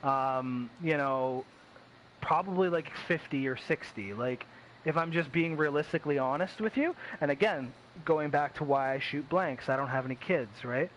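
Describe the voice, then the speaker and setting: A man's voice: on the high side, normal speed, fairly bright tone, muffled recording, slight background noise. A man streaming games, chatting casually in a blunt, profane way, full of fillers and repeated words. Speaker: gaming streamer. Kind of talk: casual chat.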